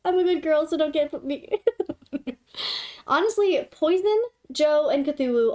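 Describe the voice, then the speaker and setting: A woman's voice: high-pitched, animated, unhurried, long pauses, dark tone. A young woman hosting a livestream, chatting with her viewers in a giggly, dramatic, playfully scolding way. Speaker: livestream host. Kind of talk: casual livestream chat with viewers.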